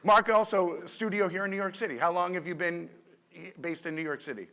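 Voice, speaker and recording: A man acting as MC who introduces the speaker on an expo stage, enthusiastic and halting with restarts. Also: high-pitched, pushed and bright. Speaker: MC of the presentation room. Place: expo stage before an audience.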